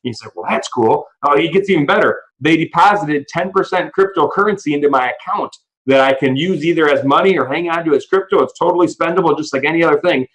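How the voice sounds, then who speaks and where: A man presenting a business opportunity on a call, excitedly telling stories and acting out the dialogue. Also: on the high side, poor audio. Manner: excited storyteller, acts out quoted dialogue; talks fast, restarts sentences when fired up. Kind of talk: animated sales pitch on a call. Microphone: audio call.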